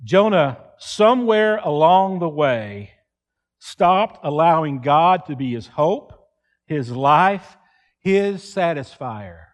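A man's voice: fairly high pitch, lively intonation, slow pace. A man, preaching an earnest sermon in church and acting out quoted pleas. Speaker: pastor.

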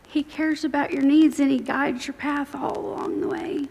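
A woman's voice: sits high, little pitch movement, moderate pace, hardly any pauses, in a large hall. A woman in her forties telling her personal story to her church in a chatty, storytelling way. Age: 40s. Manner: chatty, storytelling, warmly grateful. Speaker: church member giving testimony. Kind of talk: personal testimony.

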